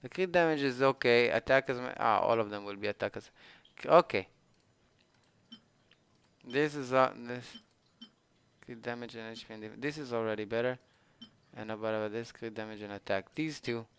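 A man streaming a game live, pleading with the game for better loot and swearing, with sudden shouted outbursts of frustration. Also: medium pitch, normal speed, smooth. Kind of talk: live gaming commentary.

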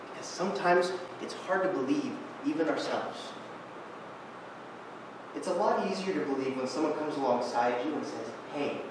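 A young man giving a guest sermon in a church, telling a fishing story with self-deprecating humor. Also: medium pitch. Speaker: guest preacher. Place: church sanctuary. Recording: echoey church room from far off, noisy.

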